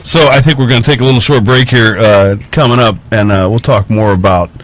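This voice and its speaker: A man hosting a casual podcast chat, easygoing and quick to laugh along with guests. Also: medium pitch, fairly even intonation. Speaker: podcast host.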